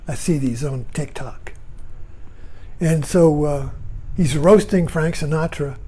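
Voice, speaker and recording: A man's voice: a little high, takes it slowly, mellow, slightly rough. A man giving a rambling, casual talk, chuckling often and breaking off mid-sentence. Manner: chuckling, digressive, self-interrupting. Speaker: speaker on Zen and irony.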